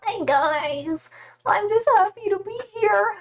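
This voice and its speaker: Shy awkward pet boy, squeaky and eager, a girl streamer doing the voice. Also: expressive, takes it slowly, exaggerated voice. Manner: high, meek and eager. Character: shy awkward male pet, timid and sweet.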